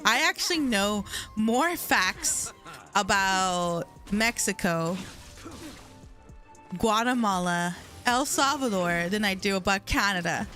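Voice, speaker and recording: Bright-voiced American woman streamer. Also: medium pitch. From United States. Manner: chatty, laughs often, trails off and restarts. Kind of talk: casual live-stream chat.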